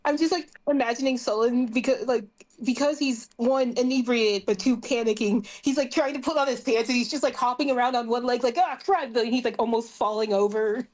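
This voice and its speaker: Giggly woman player, fairly high voice. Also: steady tone, brisk, a little mellow. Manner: giggly, full of "like" fillers. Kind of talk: describing her character's actions in a tabletop game.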